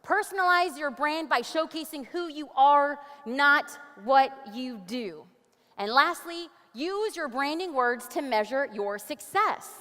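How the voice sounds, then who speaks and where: A woman giving an energetic conference presentation on stage, upbeat and animated, with quick jokey asides. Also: sits high. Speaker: conference speaker. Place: large conference hall. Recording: long hall reverb.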